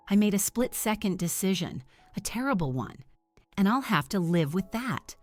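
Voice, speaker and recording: A woman narrating a first-person dramatic story in an even, measured way. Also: medium pitch, soft background music.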